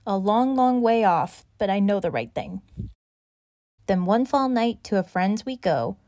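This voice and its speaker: Expressive woman reading stories to kids. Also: medium pitch, measured pace. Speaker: children's story reader. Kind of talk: read-aloud storytelling.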